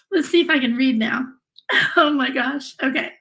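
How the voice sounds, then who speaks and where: A woman's voice: high voice, normal speed, fairly bright tone, low-quality recording. A woman hosting a live true-crime stream, reading a legal document aloud and breaking off for wry asides to her viewers.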